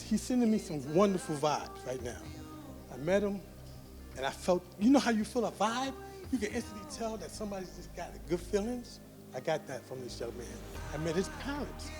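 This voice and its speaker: A middle-aged man, the father of the bride, giving a loud, heartfelt wedding toast. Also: fairly high pitch. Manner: exuberant, heartfelt, talks loudly to a crowd. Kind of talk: wedding speech. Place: wedding reception hall with music playing.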